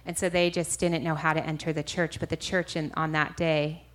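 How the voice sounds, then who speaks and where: A woman's voice: sits low, flat delivery, moderate pace. A woman minister giving a personal testimony to an audience, storytelling animatedly with frequent self-corrections. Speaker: street minister.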